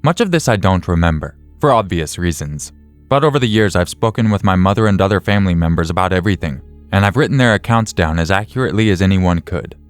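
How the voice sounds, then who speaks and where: A man reading a scripted horror story in the first person, in a measured, even way. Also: sits low, no echo, soft background music. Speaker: narrator.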